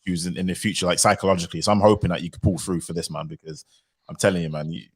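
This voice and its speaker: Quick low-voiced man, teasing banter, online panel chat. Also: steady tone, breathy edge. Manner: fast, teasing, gives joking advice. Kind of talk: casual discussion.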